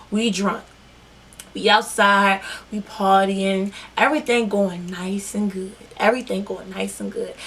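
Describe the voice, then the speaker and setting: A young woman vlogger telling a storytime tale in an animated, profane, slangy way. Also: medium pitch, gravelly, slight background noise. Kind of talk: storytime vlog.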